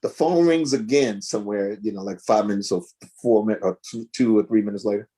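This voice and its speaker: A man telling a lively story in a video call interview, acting out the voices of the people in it. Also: fairly low pitch, a little fast. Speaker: guest drummer. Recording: choppy internet connection.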